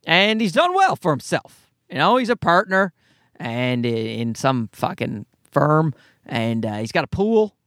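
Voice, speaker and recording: A man's voice: a little high, sing-song, unhurried, a bit bright, no room sound, clean studio sound. A man in his forties hosting a casual solo podcast, rambling, swearing freely and poking fun at himself. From Canada. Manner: rambling, profane, self-deprecating. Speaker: podcast host.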